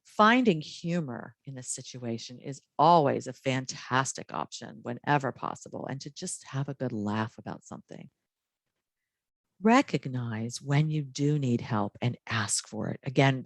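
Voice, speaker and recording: A woman presenting a wellness training talk to healthcare workers in a calm, measured, encouraging way. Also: very deep voice, no room sound.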